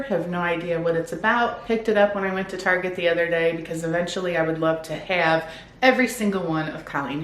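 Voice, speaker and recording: This woman is a book vlogger doing a casual haul from home, upbeat as she goes over new purchases and occasionally reads a back-cover blurb aloud. Her voice is fairly low in pitch with a fairly bright tone. The recording has echo and faint background noise.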